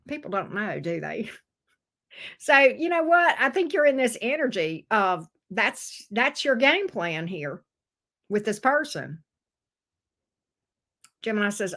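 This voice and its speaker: Lively, expressive woman reading tarot. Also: medium pitch, normal speed. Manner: expressive, swears freely, acts out the viewer's voice. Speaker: tarot reader. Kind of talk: casual tarot reading to camera.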